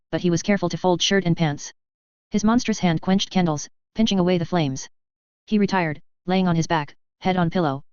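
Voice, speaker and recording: A woman narrating a novel in a brisk, steady reading. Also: on the low side, clear, resonant tone, no room sound, muffled recording. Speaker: audiobook narrator. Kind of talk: scripted narration.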